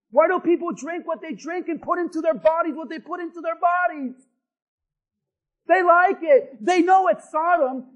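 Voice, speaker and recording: Preacher, male, very high voice, impassioned sermon delivery with hushed and shouted swings. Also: normal speed, low-quality recording. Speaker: pastor.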